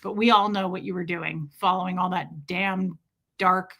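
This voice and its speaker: A woman's voice: lowish voice, steady tone, moderate pace, gravelly, fairly bright tone. A woman hosting a casual livestream, chatty and gushing as she greets viewers by name. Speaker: livestream host. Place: Kansas City area.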